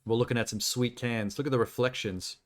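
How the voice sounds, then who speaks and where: A man's voice: mid-range voice, steady tone, a little fast. A young man live-streaming, chatting casually and making crude jokes while browsing trailers. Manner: joking, crude, rambling commentary.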